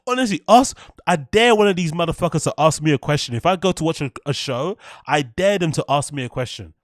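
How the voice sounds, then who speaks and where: A British man rants as a podcast host, swearing freely and laughing at his own jokes. His voice sits a little high for a man. The recording is close and dry, with no room sound. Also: lively intonation, moderate pace, no echo. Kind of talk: ranting comedic commentary.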